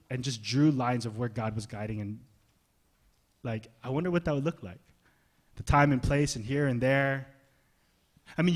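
A male pastor preaching a sermon in a casual, conversational way, swinging between loud emphasis and soft, hushed asides. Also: medium pitch. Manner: casual, conversational phrasing with slang.

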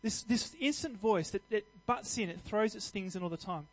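Male preacher, high voice, earnest and conversational, emphatic at peaks. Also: moderate pace, low-quality recording. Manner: earnest, conversational, with restarts and fillers; builds to louder emphatic passages. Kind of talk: sermon.

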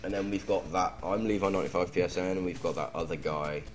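A young man from England hosts a casual podcast with a very low voice. He rambles, pokes fun at himself and fills gaps with ums, over faint music. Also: steady tone, fast. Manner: rambling, self-deprecating, full of ums. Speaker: podcast host.

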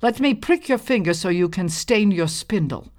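A woman's voice: mid-range voice, animated, normal speed, a little mellow, close to an everyday voice. A woman reading a storybook aloud and voicing a cruel, scheming stepmother who gives harsh commands. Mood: commanding.

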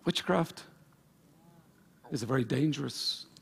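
Gravelly, husky male pastor preaching. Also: mid-range voice, a little slow. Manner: emphatic preaching with repeated phrases. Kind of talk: sermon. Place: church service before a congregation.

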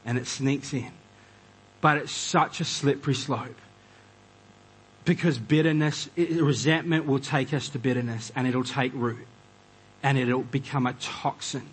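A man preaching a conversational sermon, animated and acting out quoted voices. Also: mid-range voice, breathy edge, low-quality recording. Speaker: pastor.

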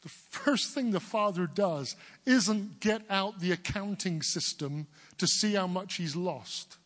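A pastor in his forties from England preaches with a big, booming voice that sits fairly high. He builds earnestly toward emphatic declarations. His words ring out with a long echo, as in a church hall. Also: slow pace, a bit bright. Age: 40s. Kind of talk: sermon.

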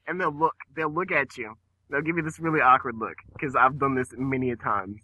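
A man co-hosting a late-night comedy podcast, telling bits with animated quoted voices. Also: mid-range voice, a little fast, rough recording. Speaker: podcast co-host. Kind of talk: late-night casual chat.

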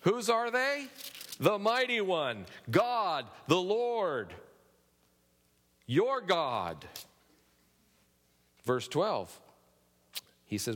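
A man's voice: high voice, wildly swooping pitch, drawn-out words, pauses often, a bit bright. A man preaching a sermon to his congregation, building to emphatic peaks and turning to them with asides. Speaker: pastor. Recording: long reverb of a large hall.

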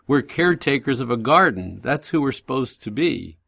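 A man hosts a Christian radio talk program in a gentle, pastoral voice at a middle pitch. He tells homey stories with a ready laugh and speaks slowly when offering encouragement. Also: very animated, gravelly. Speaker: radio show host.

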